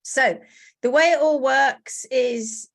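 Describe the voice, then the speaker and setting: A woman's voice: sits high, slow pace. A woman hosting a live video-call webinar, chatty and bubbly as she welcomes people arriving. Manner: chatty, bubbly, reads out greetings. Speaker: webinar host, horse care instructor.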